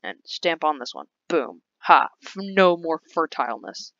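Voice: medium pitch, animated, unhurried, hardly any pauses, fairly bright tone, no echo, lo-fi sound. A gaming host giving casual, playful commentary, rambling and breaking into silly sing-song repeats.

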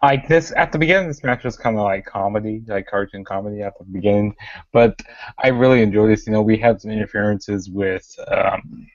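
Male podcast co-host, lowish voice, hesitant delivery, dry, muffled audio. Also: brisk, no room sound. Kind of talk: casual podcast chat.

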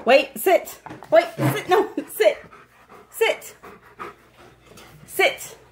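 A woman's voice: extremely high pitch, extremely slow, noisy background. A woman at home playfully giving her dog commands and encouragement during a game. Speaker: dog owner and channel host. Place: at home, at a table.

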